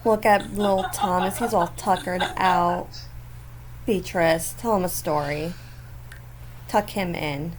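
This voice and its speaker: A woman's voice: lowish voice, fairly even intonation, slow pace, long pauses, a little hiss or hum. A woman hosting a gaming channel, giving chatty, giggly gameplay commentary. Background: faint neighbors outdoors.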